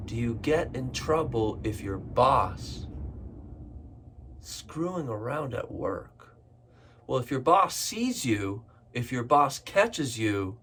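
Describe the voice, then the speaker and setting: A man teaching English phrasal verbs, repeating each example slowly and clearly for learners. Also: mid-range voice, fairly bright tone, a little hiss or hum. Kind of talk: slow, deliberate lesson delivery.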